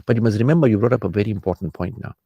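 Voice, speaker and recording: Animated male radio counsellor, dry studio sound. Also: on the low side, rapid-fire, breathy edge, no echo, highs cut off. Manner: animated, preachy, acts out quoted spouses. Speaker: marriage counsellor and radio host.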